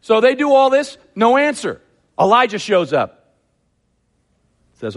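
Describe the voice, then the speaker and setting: A man preaching a sermon, retelling a scripture story with lively, acted-out quotes. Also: fairly high pitch, brisk. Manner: animated, acts out quotes in a raised voice. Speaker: pastor.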